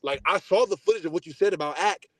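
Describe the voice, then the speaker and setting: A young man hosting a podcast, ranting in a boastful, profane, casual way, swinging between loud outbursts and low mutters. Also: quick pace, dry recording. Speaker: podcast host. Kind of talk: heated casual podcast rant.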